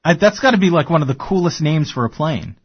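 A man's voice: a little high, expressive, fast talker, husky, no echo. A man with a Boston accent hosting a radio show, chatty and rambling with plenty of fillers and laughs. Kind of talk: casual radio chat. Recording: dull lo-fi radio broadcast.

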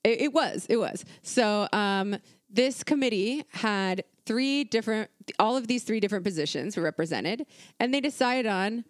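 A woman's voice: medium pitch, lively intonation, moderate pace, no room sound, clean studio sound. A woman co-hosting a casual history podcast, talking in an irreverent, profane, conversational way with plenty of fillers. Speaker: podcast co-host.

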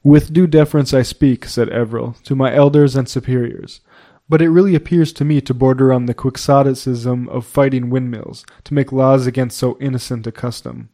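A man reading a classic novel aloud in a measured, even storytelling manner, giving the dialogue light voicing. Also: mid-range voice. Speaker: audiobook narrator.

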